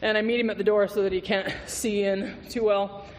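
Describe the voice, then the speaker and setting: Guy sharing his sobriety story at a meeting, kinda high voice, blunt and swears a lot, big echoey hall. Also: level tone, a little fast. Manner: frank and profane, storytelling with laughs. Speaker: AA guest speaker. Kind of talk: candid recovery testimony. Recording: reverberant hall with faint noise.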